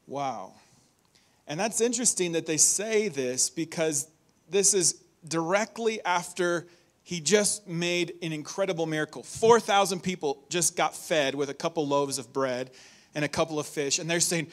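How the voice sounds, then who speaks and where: A man preaching a conversational, animated sermon in a church, reading scripture and acting out warnings. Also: fairly high pitch, normal speed.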